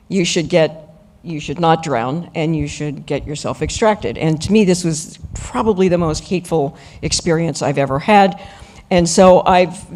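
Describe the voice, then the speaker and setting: A woman and former astronaut recounting a training story on a panel, told in a lively way. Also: deep voice.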